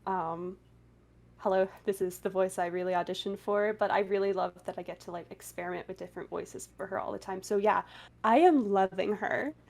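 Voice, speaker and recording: A woman voice actor chatting casually on a panel, her voice sitting at an ordinary middle pitch. She talks in a loose, giggly way, with plenty of ums and likes. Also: fairly even intonation, a little fast, vocal fry, a little mellow. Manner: giggly, chatty, full of fillers.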